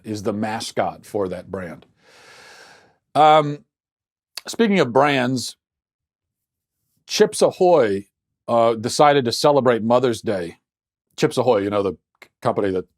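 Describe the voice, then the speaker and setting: A man hosting a political commentary show, talking in an incredulous, argumentative, sarcastic way. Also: on the low side.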